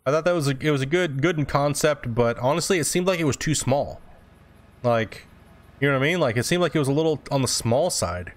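A young man chats casually with his live-stream viewers while he plays, loose, rambling and freely profane. His voice sits at an ordinary middle pitch. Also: animated, a little fast. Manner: chatty, loose and profane, answering chat. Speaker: gaming streamer.

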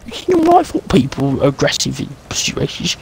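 A man's voice: on the high side, huge pitch swings, moderate pace, gravelly, darkish tone, slight background noise, low-quality recording. A man teasing his friend over voice chat while they play a racing game, slipping into mock sports commentary. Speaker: gaming friend. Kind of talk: casual gaming banter.

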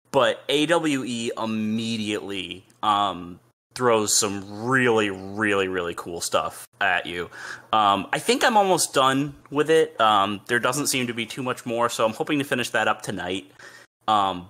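A man co-hosting a gaming podcast, talking in a relaxed way with many pauses and ums. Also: on the low side. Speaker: podcast co-host. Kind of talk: casual chat.

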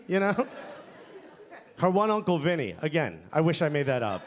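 A young man with a thick New York deli accent works a comedy club stage, his voice sitting a bit higher than most men's. He dips low and hushed for punchlines, over steady crowd laughter and room noise on a live recording. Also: normal speed. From New York area. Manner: playful, drops voice low and soft for punchlines. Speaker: stand-up comedian. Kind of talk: stand-up set.

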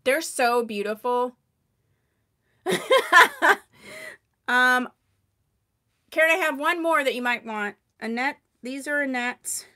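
A woman with a high voice runs a live-stream wig sale, talking into a microphone. She chats fast and gushes over each item, greets viewers by name, and tends to raise her voice. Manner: chatty, gushing over products, answering viewers by name; tends to talk loudly. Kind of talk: live-stream sales chat.

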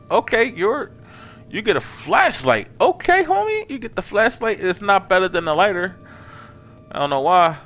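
A man commentating a horror game, excitable and profane, yelling and gasping at each scare. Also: high voice. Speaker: gaming YouTuber. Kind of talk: horror let's play commentary.

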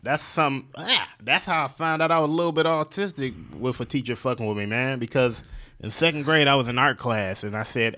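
Bright-voiced man in blunt chat. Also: medium pitch, expressive, fairly quick. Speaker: podcast co-host. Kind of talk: casual chat.

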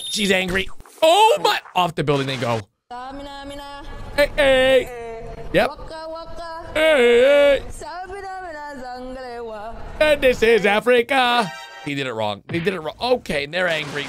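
A man hosting a gaming channel, giving excitable reaction commentary on a video, swinging from low mutters to high yelps.

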